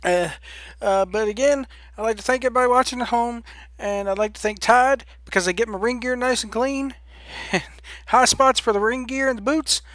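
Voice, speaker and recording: Man putting on a winded male pro wrestler, higher voice than his own, rambling sponsor shout-outs, breathless, dry close sound. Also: normal speed, no room sound. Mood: mock earnest.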